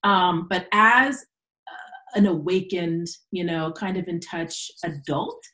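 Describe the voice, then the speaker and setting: A woman's voice: takes it slowly, poor audio. A woman in her forties, an educator, telling stories casually in an interview and acting out quoted voices. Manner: animated storyteller, acts out quoted voices in a higher pitch. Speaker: podcast guest, educator.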